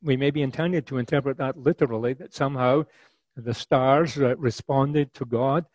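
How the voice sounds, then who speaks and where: A man preaching a sermon in a measured, conversational way, with many fillers and restarts. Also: mid-range voice, a little mellow, no room sound, poor audio.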